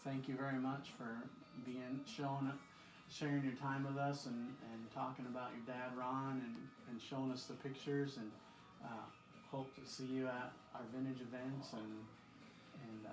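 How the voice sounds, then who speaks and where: A man's voice: medium pitch, little pitch movement, normal speed, music in the background. A man hosting a casual interview, upbeat and enthusiastic, often repeating his words as he talks. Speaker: interviewer, event organizer. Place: a shop, indoors. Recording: roomy echoey sound.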